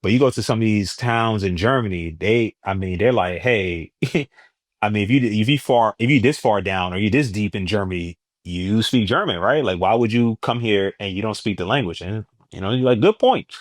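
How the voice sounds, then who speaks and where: Young jersey guy, comedian, low voice, dry close sound, tells stories and jumps way up doing other people. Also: fairly quick, no room sound. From New Jersey, USA. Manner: animated storyteller, acts out exchanges with big pitch jumps. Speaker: stand-up comedian guest. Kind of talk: casual interview chat.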